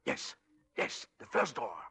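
A man's voice: moderate pace, bright, forceful tone, close to an everyday voice. An actor playing a scheming, desperate husband in a 1940s radio drama, pleading with his wife. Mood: urgent. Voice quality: gravelly, pleading.

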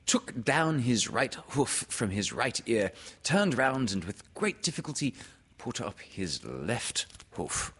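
A man narrating a storybook aloud in an unhurried, expressive way. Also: mid-range voice, breathy edge. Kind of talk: storybook reading.

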